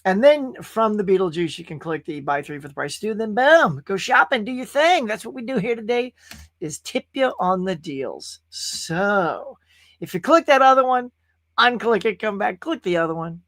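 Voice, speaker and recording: A man's voice: high voice, expressive, normal speed, fairly bright tone, no echo, clean studio sound. A man from California, host of a casual live-stream show, talking in a rambling, chatty way and reading viewers' comments aloud. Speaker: podcast host.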